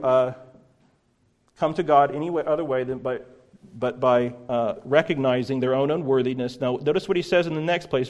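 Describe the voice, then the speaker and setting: A man preaching a sermon from the pulpit, swinging between quiet reflection and forceful, impassioned declarations. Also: medium pitch. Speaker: pastor. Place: church sanctuary, from the pulpit.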